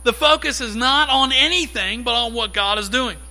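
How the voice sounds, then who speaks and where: A man preaching a sermon in a conversational, animated way, acting out little quotes as he teaches. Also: very high-pitched, moderate pace, poor audio. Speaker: pastor.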